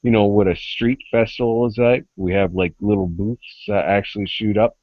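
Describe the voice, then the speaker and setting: A man's voice: on the low side, fairly even intonation, normal speed, no room sound. A man joining a group video call who rambles and searches for his words. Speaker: caller joining the panel. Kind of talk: casual chat on a group call. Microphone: online video call. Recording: dull, dry lo-fi call audio.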